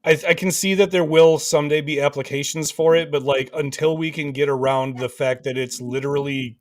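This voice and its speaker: A man's voice: a little high, fairly even intonation, a little fast, a little mellow, dry recording, clean studio sound, recorded from a distance. Emphatic rambling man on a call. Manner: emphatic, rambling, many fillers. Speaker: co-host. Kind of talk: casual panel chat.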